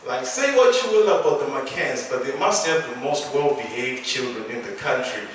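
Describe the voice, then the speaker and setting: A young man from England doing a stand-up comedy routine, animated, with loud punchlines and laughing at his own jokes. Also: medium pitch, normal speed, a little hiss or hum. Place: small theatre stage. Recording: echoey theatre, mic from a distance.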